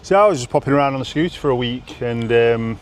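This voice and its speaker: A man guesting on a live walk, chatting casually in a halting way, stumbling over place names and laughing easily. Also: mid-range voice, animated, a little hiss or hum. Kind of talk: casual conversation.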